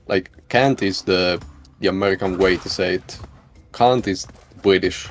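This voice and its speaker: A man with a low, deep voice banters casually beside a speedrun, joking and holding firm opinions. Faint game music plays under his talk. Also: completely flat delivery, normal speed. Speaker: speedrun co-commentator. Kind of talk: casual chat over gameplay.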